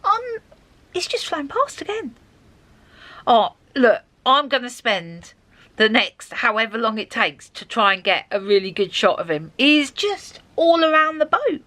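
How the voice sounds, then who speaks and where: Excitable high-voiced woman vlogger. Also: measured pace, no room sound. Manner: excitable, exclaiming. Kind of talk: casual video diary chat. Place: narrowboat and car.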